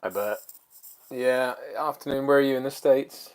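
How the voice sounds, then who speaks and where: A man, co-hosting a casual livestream chat, rambling and relaxed with lots of fillers, feeling a bit lethargic. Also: mid-range voice, moderate pace. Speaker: channel co-host.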